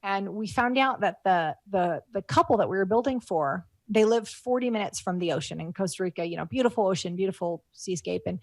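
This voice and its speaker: A middle-aged woman telling stories in an interview, rambling with plenty of fillers and false starts. She is close to tears while she speaks. Her voice sits at a middle pitch and sounds dry and close, with no room echo. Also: lively intonation, a little fast, hardly any pauses. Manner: rambling, many fillers and restarts. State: moved to tears. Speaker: guest. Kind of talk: casual interview talk.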